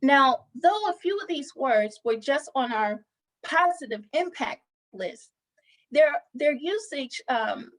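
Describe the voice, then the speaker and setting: Woman trainer, slightly high voice, steady explanatory delivery for a workplace lesson. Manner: measured, explanatory, emphasizes key words. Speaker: customer service trainer. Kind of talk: instructional presentation.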